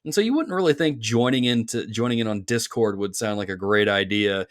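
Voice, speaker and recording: A man's voice: lowish voice, fairly quick, no echo, studio quality. A man co-hosting a podcast in casual chat, laid-back and rambling as he reads listener mail. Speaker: podcast co-host.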